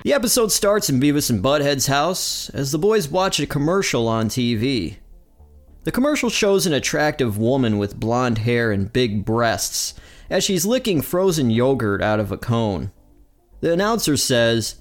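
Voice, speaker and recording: A man hosting a podcast and narrating an episode recap in an energetic, upbeat way. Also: medium pitch, moderate pace, soft background music. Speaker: podcast host.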